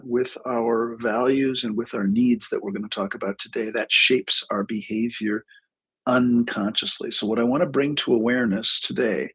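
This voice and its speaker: A man with a gravelly, husky voice hosts a live talk on psychology. He speaks as a clinician in an easygoing, rambling way. He often wanders off on side stories and pokes fun at himself. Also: on the low side, fairly bright tone, rough recording. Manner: chatty and digressive, with self-mocking jokes.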